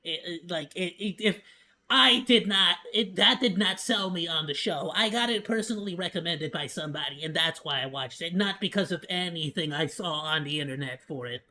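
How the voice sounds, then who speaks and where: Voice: mid-range voice, normal speed. A VTuber streamer giving casual reaction commentary, playful and laughing, rambling with frequent stammers and restarts. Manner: playful, animated.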